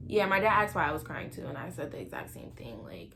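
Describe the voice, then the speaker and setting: A young woman in her late teens casually telling a personal story to her viewers, animated and slangy, acting out bits of dialogue. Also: deep voice, quick pace, hardly any pauses, background noise. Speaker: vlogger.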